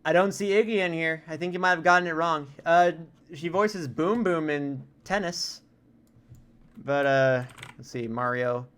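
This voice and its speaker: A young man live-streaming a game from home, talking casually into a desk mic. His voice sits a bit high and sounds bright. He jokes freely, gets distracted easily, and types on a keyboard in the background. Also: a little slow, smooth. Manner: chatty, joking, easily sidetracked.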